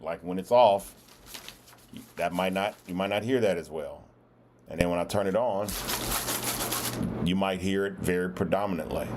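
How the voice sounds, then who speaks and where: A deep-voiced man runs a live-streamed audio lesson, patiently repeating his questions and encouraging viewers. His mic is raw, so a steady air conditioner hum sits clearly under his voice in the room. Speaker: instructor.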